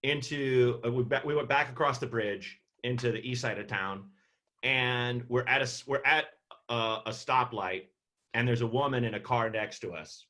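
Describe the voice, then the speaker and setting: A man tells a story over a video call. He rambles and circles back with plenty of fillers. His voice sits at an ordinary pitch and the delivery is animated. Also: moderate pace. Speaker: comedian guest.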